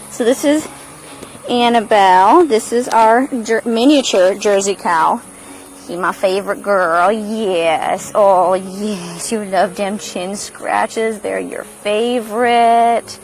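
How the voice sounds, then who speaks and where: A woman's voice: slow pace, a little hiss or hum, rough recording. A young woman giving a casual tour of her farm outdoors, slightly out of breath from walking. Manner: coos in a high baby voice to the animals.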